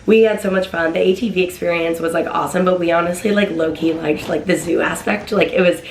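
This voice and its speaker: A young woman telling a story to the camera in a chatty, excitable way, acting out the quoted lines in a higher voice. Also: fast talker, a little hiss or hum. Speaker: vlogger. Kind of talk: casual storytime. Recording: roomy, echoey room.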